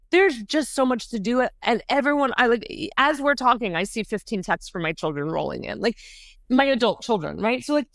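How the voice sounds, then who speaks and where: A middle-aged woman, a podcast guest, telling a story in a casual, animated way, often saying "like" and jumping high when she acts out quotes. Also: dry recording, studio quality. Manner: animated, says "like" often, jumps to high pitch acting out quotes.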